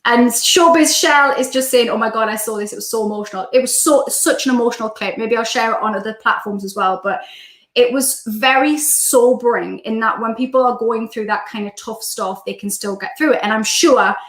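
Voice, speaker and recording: Chatty Geordie woman, slightly high voice. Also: fairly quick, fairly bright tone, echoey room. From Newcastle, England. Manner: chatty, rambling, reads out viewer comments. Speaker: life coach. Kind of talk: casual livestream talk.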